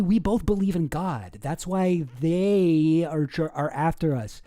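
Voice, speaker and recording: Sarcastic guy reacting to clips, rambly, swears a lot, high scratchy voice. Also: measured pace, gravelly, hardly any pauses, dark tone. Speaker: commentary host. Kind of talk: casual reaction commentary.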